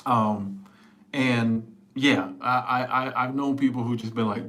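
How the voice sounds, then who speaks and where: Speaking unhurriedly in a steady, mid-range, fairly bright voice, a middle-aged livestream host chats casually at home. He's on a small clip-on wireless mic, reading out viewer comments, laughing frequently and tripping over repeated words.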